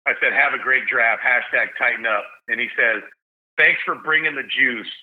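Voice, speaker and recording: An excitable, jokey man tells a story to his podcast host. His voice comes through a thin, phone-like line, as if he is calling in remotely. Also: mid-range voice, normal speed. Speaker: stadium PA announcer, podcast guest.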